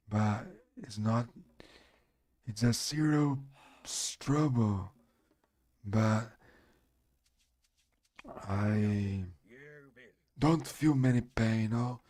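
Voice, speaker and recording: Slow-talking Brazilian streamer man. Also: on the low side, a little mellow. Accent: Brazilian Portuguese. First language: Portuguese. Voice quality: strong voice. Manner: halting, searching for English words. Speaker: game streamer. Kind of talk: casual live-stream chat.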